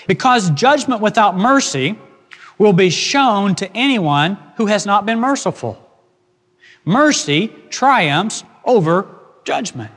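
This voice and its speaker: A man preaching an expository sermon as pastor, emphatic and slowing down to stress key phrases. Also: high voice, a bit bright. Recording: long hall reverb.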